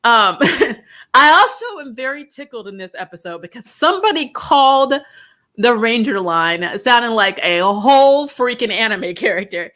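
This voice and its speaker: Young woman ranting casually in a review, bright tone, laughs all the time, does little voices. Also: fairly high pitch, normal speed. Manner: animated, laughs often, mimics voices. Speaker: show reviewer.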